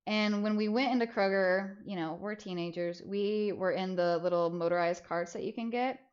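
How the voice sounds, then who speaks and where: A woman's voice: mid-range voice, moderate pace. Young woman streamer rambling through a story, cusses a lot, bit muffled audio. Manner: animated, acts out voices in quotes, swears freely. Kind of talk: casual storytelling. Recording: slightly dull lo-fi audio.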